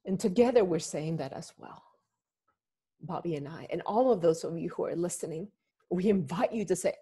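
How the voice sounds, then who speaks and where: A woman pastor leading a lament, speaking slowly, deliberately and gravely. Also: fairly low pitch, dark tone. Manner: slow, deliberate, grave and earnest. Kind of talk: slow reflective spoken sermon and prayer.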